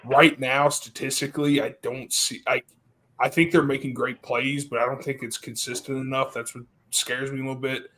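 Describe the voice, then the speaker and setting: A man's voice: mid-range voice, little pitch movement, normal speed, a bit bright. Man, podcast host, casual betting talk, agreeable, easygoing. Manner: laughing, agreeable, passes the floor.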